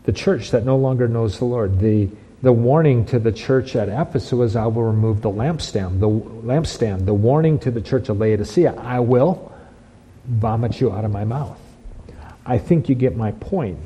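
A man's voice: medium pitch, moderate pace, warm tone, slightly rough, low-quality recording. A man preaching a sermon as pastor, emphatic, repeating phrases and restarting lines.

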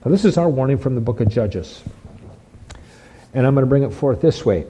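A man's voice: mid-range voice, expressive, brisk, pauses often, warm tone, breathy edge, low-quality recording. A man preaching a sermon as pastor, emphatic, repeating phrases and restarting lines.

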